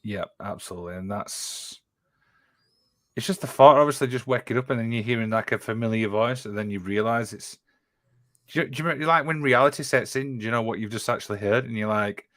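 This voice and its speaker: A man's voice: mid-range voice, fairly quick, a bit bright, no echo. A man co-hosting a casual podcast who reads listener stories aloud and exclaims often. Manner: exclaims often, trails off, restarts. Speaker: podcast co-host.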